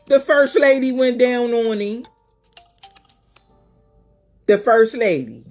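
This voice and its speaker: Sassy lady hosting a live call-in chat, says honey and baby a lot, gets loud then quiet. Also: fairly high pitch, big pitch swings, a little slow, long pauses, faint music behind. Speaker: live show host. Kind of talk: casual live-stream chat with callers.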